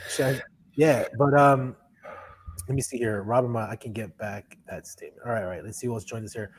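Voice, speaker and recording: A man's voice: medium pitch, fairly quick, breathy edge. A man hosting a live comedy podcast, chatting casually, laughing often and greeting viewers by name. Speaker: podcast host.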